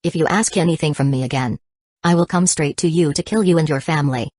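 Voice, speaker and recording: A woman's synthetic voice voicing a quick-tempered, threatening male pirate emperor in a storybook reading. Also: low-pitched, darkish tone, dry recording, clean studio sound. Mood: angry scornful.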